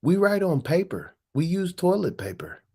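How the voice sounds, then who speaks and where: Animated, swearing male host. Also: high-pitched, moderate pace, husky. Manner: animated, profane, bursting into laughter. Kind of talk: casual chat with a rapped verse.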